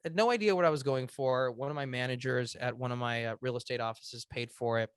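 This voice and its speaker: A man in his thirties, a podcast guest, earnestly telling an emotional personal story, halting often with "um" and restarts. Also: mid-range voice, clear, resonant tone, no room sound.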